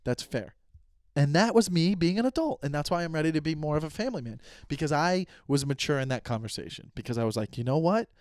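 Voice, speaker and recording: A man's voice: a little high, fast, no room sound, clean studio sound. Profane, rambling man ranting solo. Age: 30s. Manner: animated, profane, rambling rants with quoted dialogue. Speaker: podcast host. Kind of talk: solo comedic podcast rant.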